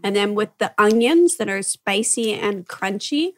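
A woman's voice: medium pitch, animated, measured pace. A North American woman co-hosting a casual chat, giggly and enthusiastic. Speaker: podcast co-host.

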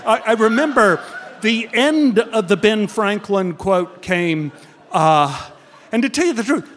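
A middle-aged man tells comic stories on a live stage, leaping into shouts and squeaks as he acts out the dialogue. His voice sits high. A long reverb from the theater hangs after each line. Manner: animated, acts out dialogue with big pitch jumps. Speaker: guest storyteller. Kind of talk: comic personal storytelling on stage.

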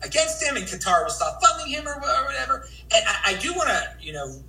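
Excitable American man, echoey distant mic. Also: very high-pitched, fast talker, vocal fry. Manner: animated, rambling, stammers and repeats words. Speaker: guest. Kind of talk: livestream interview.

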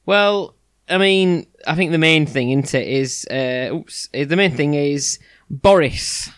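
A man's voice: fairly high pitch, a little slow, a bit bright, no room sound, studio quality. A man co-hosting a casual news chat, hesitant with many restarts. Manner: hesitant, lots of restarts and fillers. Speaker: podcast co-host.

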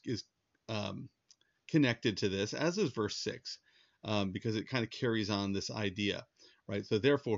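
A man's voice: lowish voice, dry recording, lo-fi sound. A man preaching a sermon in an earnest, conversational way, often restarting his sentences. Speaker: pastor.

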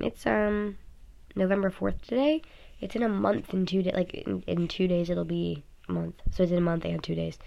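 A tired teenage girl vlogs casually from home into her phone app, rambling in loose run-on thoughts packed with "like" and "um." Her voice sits on the low side with a steady tone, moderate pace, vocal fry, and a slightly mellow quality.

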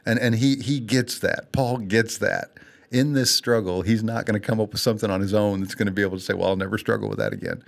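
Gravelly low-voiced man on a podcast. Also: steady tone, fairly quick. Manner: earnest, candid and self-deprecating, laughs often; emotional, tears up on heartfelt points. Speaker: podcast co-host. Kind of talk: casual faith-based chat.

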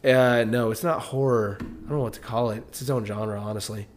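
A young American man, a parent and co-host, chats casually with a loose, profane, emphatic storytelling style. His mid-range voice has fairly even intonation and moves a little fast, with slight background noise.

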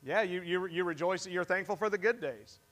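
With a high-pitched, somewhat bright voice, a man preaches to his congregation in a conversational style. The sermon is interactive and halting, full of restarted sentences and questions directed at the people in the pews.

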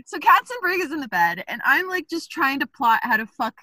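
A young woman co-hosting a podcast, telling a story in a casual, animated way, full of "like" and swearing. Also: sits high, a little fast, dry recording. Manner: animated, laughing, swearing, lots of "like". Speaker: podcast co-host.

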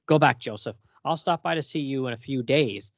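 A man voicing a calm, stern female fortune-teller from a comic in a measured, commanding way, close to his own voice. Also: mid-range voice, no room sound, natural voice.

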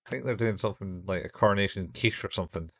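A man co-hosting a podcast in casual banter, dropping quick joking interjections and wry quips. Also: fairly low pitch, gravelly, a bit bright, no echo, studio quality. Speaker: podcast co-host.

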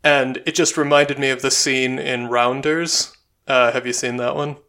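A man's voice: mid-range voice, little pitch movement, normal speed, bright, forceful tone. A man co-hosting a podcast, giving opinionated film reviews in casual chat, with frequent ums and likes. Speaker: podcast co-host.

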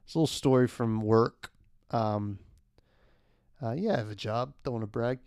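A man's voice: medium pitch, normal speed, a little mellow, clean tone, no room sound, studio quality. A young man telling a rambling work story in a casual podcast chat, with lots of fillers and laughs. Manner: laid-back, rambling, laughs often, many fillers.

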